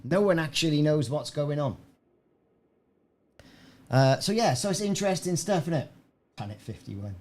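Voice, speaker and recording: A man's voice: on the high side, animated, moderate pace, long pauses, a little mellow. A man casually chatting on a game live stream, rambling and answering viewers by name. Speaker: gaming streamer.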